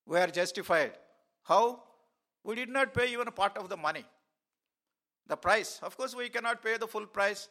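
Male pastor, sermon delivery, gravelly and bright, halting storyteller with frequent "uh"s. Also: fairly high pitch, animated. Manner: storytelling with many fillers and restarts.

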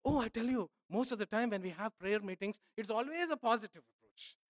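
A man preaching a sermon as pastor, emphatic, repeating phrases and swinging from soft asides to loud pleading. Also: sits high, lively intonation, brisk, no echo.

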